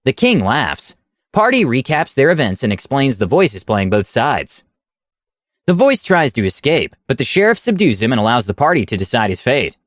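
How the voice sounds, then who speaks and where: A man narrating a story with an animated, wide-ranging pitch and wry, deadpan asides. His voice sits at a middle pitch and sounds close and dry, with no room around it. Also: no room sound. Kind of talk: reading a story aloud.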